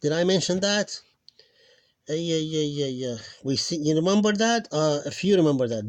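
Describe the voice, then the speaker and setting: A man's voice: a little high, lively intonation, normal speed. A man teaching Arabic phonics in an informal lesson, thinking aloud, correcting himself and stretching out the example words he models.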